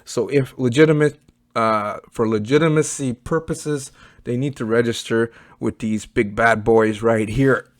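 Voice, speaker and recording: A man with a Canadian accent walks through a casual screen-share review, chatty and blunt. He keeps checking in with his audience as he goes. His voice sits at an ordinary middle pitch, recorded close and dry with no room sound. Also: a little slow, no room sound. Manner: chatty, blunt, leans on "okay" and "right?". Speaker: online business reviewer.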